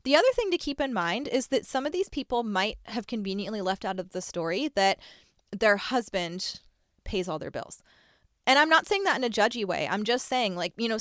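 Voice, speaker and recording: A young adult woman talks straight into a close mic in a dry, deadened room, hosting her own podcast. Her delivery is chatty and candid, with quick self-deprecating asides. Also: medium pitch, no room sound. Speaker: podcast host. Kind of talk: solo podcast monologue.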